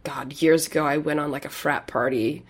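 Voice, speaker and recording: A woman's voice: deep voice, steady tone, fairly quick, slightly rough. A woman in her thirties co-hosting a podcast, chatting casually and rambling with many fillers. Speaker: podcast co-host. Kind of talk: casual chat.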